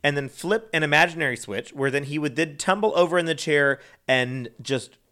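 A man's voice: a little high, a little fast, pushed and bright. A man co-hosting a casual chat, retelling a story in a giggly, rambling way. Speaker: podcast co-host.

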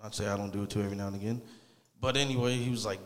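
A man with a fairly low, fairly even-toned voice talks very fast through a rambling, crude, laid-back open-mic stand-up set in a small comedy club. The club mic adds long reverb.

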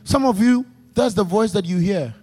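A man's voice: high-pitched, normal speed, a little mellow. A man preaching a sermon at a church service, emphatic and repetitive, calling out questions to the congregation. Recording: long hall reverb with faint music.

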